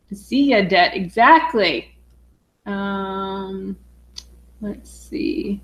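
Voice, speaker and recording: Bubbly, excitable young woman vlogger. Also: mid-range voice, slow, long pauses, muffled recording. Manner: bubbly and excitable, many "um" fillers. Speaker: vlogger hosting a livestream. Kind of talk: casual livestream chat.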